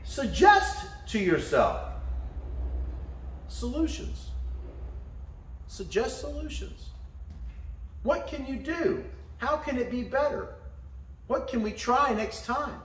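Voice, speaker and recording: A man giving a motivational talk, telling a story in an animated way and acting out the voices. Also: very high-pitched, slow, pauses often, far from the mic. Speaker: motivational teacher. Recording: echoey room from afar.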